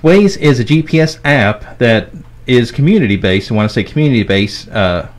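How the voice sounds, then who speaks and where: A man explains technology in plain, everyday terms as a podcast co-host. His voice sits at a middle pitch, and he walks through each point step by step. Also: expressive, normal speed. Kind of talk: casual explaining.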